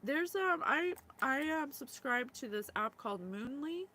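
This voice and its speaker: Emotional psychic woman, slightly high voice. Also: lively intonation, measured pace, pushed and bright, low-quality recording. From former Yugoslavia. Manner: emotional, laughs and tears up, many fillers. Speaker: psychic reading host. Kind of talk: casual spiritual reading talk.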